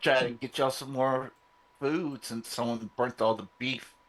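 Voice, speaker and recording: A man's voice: medium pitch, steady tone, measured pace, fairly bright tone. A man chats casually as a player at a tabletop role-playing game. He talks unhurriedly, drawling his words at a leisurely pace.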